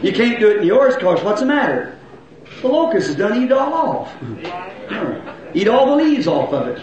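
A middle-aged man preaching a revival sermon to a congregation, in folksy rural grammar, asking questions and now and then breaking into shouts. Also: very high voice, big pitch swings, normal speed, lo-fi sound. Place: church hall with congregation. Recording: very echoey old church recording.

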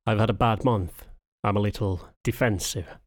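A man voicing a snarky, defensive young male cattle dog who talks bluntly and gruffly, in an audiobook reading. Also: lowish voice, normal speed, no echo, studio quality, natural voice.

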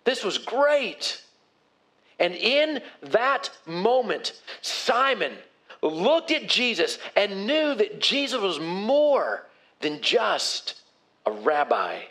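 High-voiced male preacher, conversational. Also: very animated, extremely slow, fairly bright tone. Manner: conversational, asks the congregation questions. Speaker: pastor. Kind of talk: sermon.

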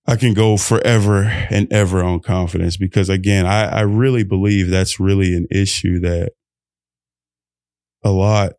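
A man's voice: on the low side, dry recording. Young guy from texas hosting his podcast, rambly fired-up pep talk, dry close sound. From Texas, USA. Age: young adult. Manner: rambling, preachy, jumps between thoughts; animated, emphatic, laughs often. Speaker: podcast host. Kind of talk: solo motivational podcast rant.

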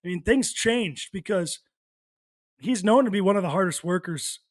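A former hockey player as podcast guest, telling laid-back stories and swearing. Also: male voice, sits high, lively intonation, moderate pace. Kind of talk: casual chat.

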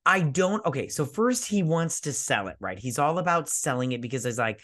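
A man co-hosting a tipsy movie-review chat, cursing freely and rambling. He keeps slipping into quoted lines from the film. His pitch sits in an ordinary middle range. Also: big pitch swings, a little fast, few pauses, a bit bright. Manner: profane, rambling, acts out characters in quotes. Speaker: podcast co-host.

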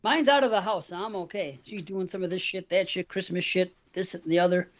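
A man's voice: high voice, brisk, lo-fi sound. A man co-hosting a podcast, rambling in casual, heavily profane chat. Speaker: podcast co-host.

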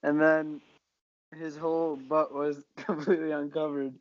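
A man's voice: fairly high pitch, little pitch movement, unhurried, no room sound, lo-fi sound. A young man co-hosting a casual podcast, laid-back and dry in his remarks. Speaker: podcast co-host.

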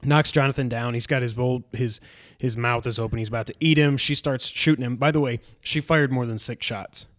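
A man's voice: mid-range voice, brisk, few pauses. A man in casual chat, recapping a show and acting out its scenes in a raised voice. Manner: animated retelling, acts out scenes in a raised voice.

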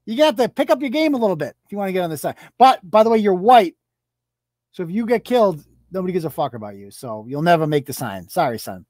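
A woman's voice: fairly low pitch, very animated, fast, a little mellow, dry recording. A woman hosting a live show, delivering a sarcastic, profane, mocking rant. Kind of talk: profane ranting commentary.

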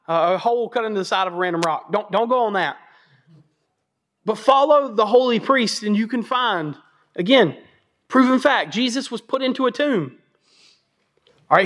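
Male preacher, high voice, casual jokey delivery, repeats key points for emphasis. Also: fairly bright tone. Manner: conversational and joking; emphatic repetition. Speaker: Bible teacher. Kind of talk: Bible teaching sermon.

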